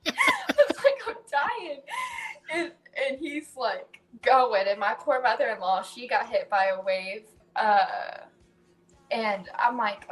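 A woman co-hosts a casual chat in a slightly high voice at a slow pace. Her storytelling is animated, and she laughs often and swears.

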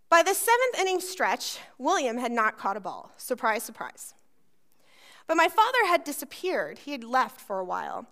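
A woman's voice: high voice, normal speed. A woman pastor preaching a sermon, telling a personal story and acting out the voices in it. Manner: animated storytelling, acts out voices.

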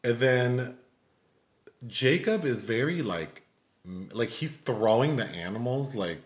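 A man's voice: mid-range voice, lively intonation, takes it slowly. A man giving a rambling, filler-heavy critique of a film in casual chat. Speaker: film reviewer. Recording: roomy echo.

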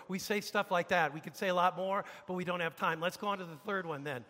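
A man preaching a sermon as pastor, emphatic, dropping to a hush and rising to loud peaks. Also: sits high, fairly even intonation, fairly quick, hardly any pauses. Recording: long reverb of a large hall.

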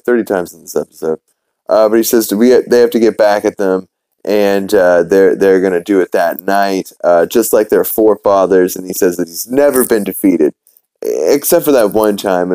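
A man with a low voice talks through an episode recap in loose, rambling fashion. His tone is mellow and relaxed, full of "uh" and "like" and the odd curse. The sound is dry and close. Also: dry recording. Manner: rambling, with many fillers and restarts; swears casually. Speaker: podcast host.

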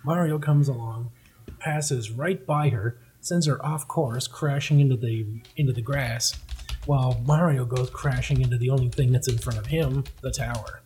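A man's voice: mid-range voice, moderate pace, darkish tone, a little hiss or hum, poor audio. A man hosting a casual comic read-through, joking and laughing as he narrates. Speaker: host.

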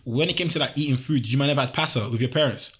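A man's voice: mid-range voice, rapid-fire. A young man, telling childhood stories in a casual chat and acting out the voices. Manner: animated storytelling, acts out voices, laughs often.

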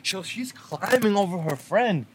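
A man's voice: high-pitched, lively intonation, a little slow. A young man from the Middle East, hosting a casual chat and telling a story with lots of laughter, acting out both sides of the conversations. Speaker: podcast host telling a story.

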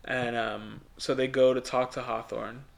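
A man's voice: mid-range voice, little pitch movement, measured pace, vocal fry. A young man co-hosting a podcast, casually retelling a movie plot with lots of "like" and quoted lines. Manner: rambling, filler-heavy retelling with quoted voices. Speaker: podcast co-host. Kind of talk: casual movie recap chat.

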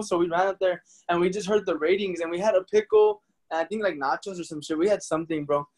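A young man talks casually and tells his stories with plenty of swearing. His voice sits a little high for a man. He keeps the chat loose and lively among friends. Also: quick pace, few pauses. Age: young adult. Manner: swears often, animated storytelling with laughs.

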